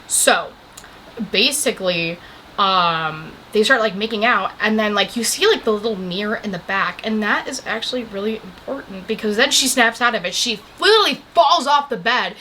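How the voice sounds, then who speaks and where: A young woman casually recapping a movie, chatty and animated, saying "like" a lot and breaking off to talk to the camera. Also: a little high, normal speed, a little hiss or hum, poor audio. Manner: chatty, animated, heavy use of "like"; breaks off to talk to the camera about her coffee and pillow. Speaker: vlogger reviewing a movie.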